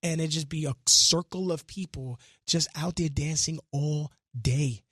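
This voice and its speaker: A man from Brooklyn chats as a radio guest, earnest and reflective, full of street slang. His voice sits a bit high for a man. It is recorded close on a studio mic with a dry, dead sound. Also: measured pace, fairly bright tone, no echo. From Brooklyn, New York. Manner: earnest, reflective, slangy, half-recites lyrics. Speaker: guest musician. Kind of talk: casual interview chat.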